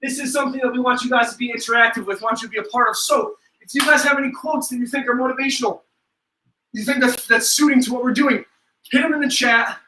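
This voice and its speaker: A young man coaches a home workout in a high, very bright voice, counting down sets and joking between them. He sounds set back from the mic in an echoey room. Faint noise runs behind him. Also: fairly even intonation, quick pace, distant mic. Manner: upbeat, joking, counts reps aloud. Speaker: fitness instructor.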